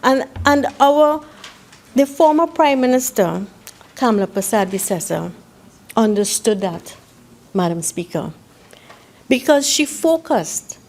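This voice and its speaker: A woman's voice: mid-range voice, animated, slow pace, long pauses, darkish tone. A woman speaking in parliament, telling a story and acting out the dialogue in it. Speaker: member of parliament. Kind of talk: parliamentary speech. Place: parliament chamber.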